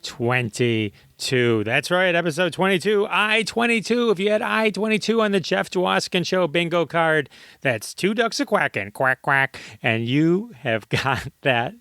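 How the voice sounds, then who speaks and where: A man's voice: high voice, lively intonation, a little slow, fairly bright tone, smooth, no echo, clean studio sound. A man hosting his own comedy podcast, talking in a jokey, playful way with mock-ad patter. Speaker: podcast host.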